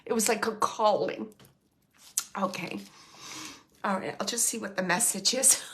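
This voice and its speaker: A woman's voice: medium pitch, measured pace, pauses often, a bit bright. A middle-aged woman working as a psychic medium, giving an emotional live reading to an audience and relaying messages with emphasis. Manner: emotional, tearful at times, relaying quotes with emphasis.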